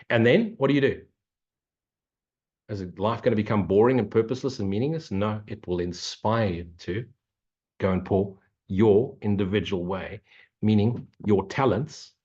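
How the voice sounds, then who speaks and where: This African man's voice sits on the low side, a little mellow and slightly rough, with the highs cut off. Leading a non-dual question-and-answer session on spiritual ideas, he is blunt, mocking and quick to swear. His manner is repetitive and preachy, hammering points home as a preacher would.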